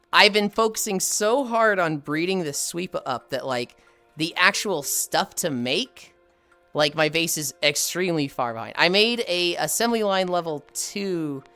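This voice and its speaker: A woman streamer chatting casually while she plays, animated and swearing freely, laughing often. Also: low voice. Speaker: live streamer. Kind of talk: casual chat while gaming.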